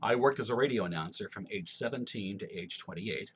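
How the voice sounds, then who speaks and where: A man from Missouri with a low, somewhat husky voice, speaking in General American broadcast diction. He talks through an accent tag at an easy, measured pace, with the careful pronunciation of a former radio announcer. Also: a bit bright. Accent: General American broadcast, Missouri roots. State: allergies, throat clearing. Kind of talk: casual accent tag monologue.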